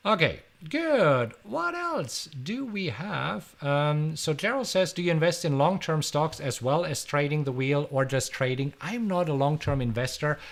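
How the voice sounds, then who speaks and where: A middle-aged German host speaks at normal speed with few pauses as he answers viewer questions on his live stream. His voice is on the high side, with a German accent and an energetic, chatty style that repeats words.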